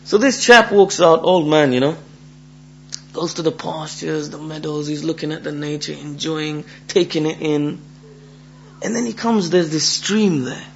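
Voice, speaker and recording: A man telling a folk tale aloud in a lively, casual way, full of asides. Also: a little high, lo-fi sound. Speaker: storyteller. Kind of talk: oral storytelling.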